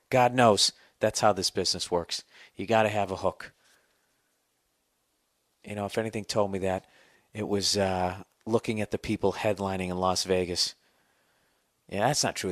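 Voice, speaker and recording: Man, forties, podcast host, sarcastic profane rant, lowish voice, dry close mic. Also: fairly bright tone, dry recording. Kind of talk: casual comedic rant.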